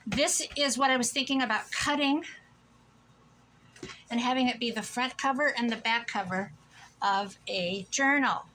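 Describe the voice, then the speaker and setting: A woman's voice: fairly high pitch, measured pace, long pauses, bright, forceful tone, a little hiss or hum, low-quality recording. A middle-aged woman from Iowa chatting casually to camera about her thrift finds, gushing and rambling. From Iowa, USA. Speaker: thrift vlogger. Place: home room.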